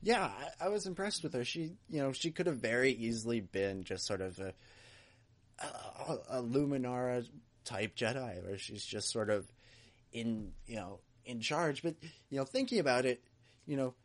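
Man, podcast co-host, casual chat, joking, mid-pitched voice. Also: animated, moderate pace. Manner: chatty and joking, lots of "you know".

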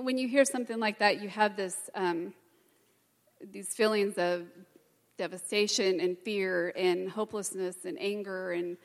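A middle-aged woman sharing a personal testimony in church, hesitant and full of pauses. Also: medium pitch. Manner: hesitant, many pauses and fillers. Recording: long hall reverb.

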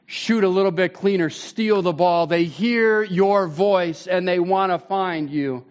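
A man in his thirties preaching a sermon as pastor, conversational and animated with sudden loud bursts. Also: high-pitched, unhurried, clear, resonant tone.

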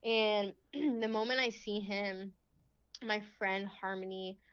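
A young woman guest telling a faith story in casual chat, full of "like"s and quick laughs. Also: medium pitch, steady tone, clean tone, no room sound. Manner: chatty, many fillers and "like"s, laughs often. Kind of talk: casual testimony in a faith podcast. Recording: slightly dull, lo-fi.

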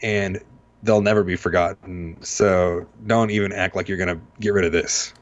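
Laid-back man, slightly low voice, lo-fi. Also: steady tone, normal speed. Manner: laid-back, chatty, reads song lyrics aloud with a laugh. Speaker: co-host discussing songs. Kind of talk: casual chat.

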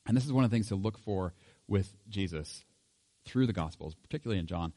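A man's voice: on the low side, lively intonation, brisk, mellow. A middle-aged man giving an informal Bible teaching in a conversational way, with chuckles and fillers.

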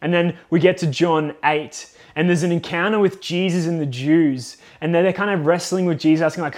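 A man's voice: on the high side, moderate pace. A young man preaching a sermon in an earnest, conversational way, often saying "like" and speaking in the voices of the people in the story.

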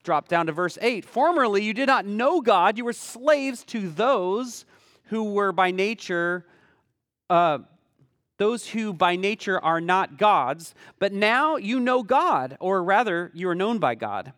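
A man preaching a sermon as pastor, animated and conversational, with lots of rhetorical questions. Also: sits high, slow, no echo, clean studio sound, long reverb tail.

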